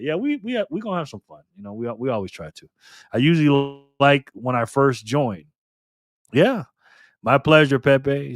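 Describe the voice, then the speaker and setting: A man's voice: medium pitch, no room sound, clean studio sound. Chatty man hosting a live stream. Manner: laid-back, joking, chatty, reads chat aloud. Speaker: livestream host. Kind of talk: casual live-stream chat reading donations.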